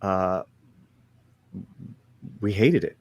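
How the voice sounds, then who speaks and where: A man on a panel show speaking haltingly, with many restarts and fillers. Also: deep voice, expressive. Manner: halting, hesitant, full of restarts. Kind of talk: casual panel talk.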